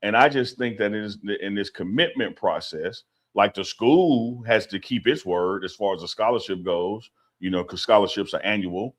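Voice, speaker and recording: A low-pitched man co-hosting a casual sports talk show. He argues his points in an animated way, often repeating phrases and laughing along. His delivery is loose and conversational. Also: moderate pace, few pauses. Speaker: co-host.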